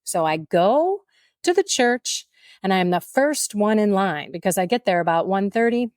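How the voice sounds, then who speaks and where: A woman guest on a podcast, telling her story in an animated, humorous and emotional way. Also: medium pitch, normal speed, no room sound, clean studio sound. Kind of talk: storytelling testimony.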